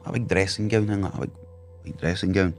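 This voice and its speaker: A man's voice: low-pitched, fairly even intonation, fast, faint music behind. A man telling vivid, swearing anecdotes in a casual chat as a guest.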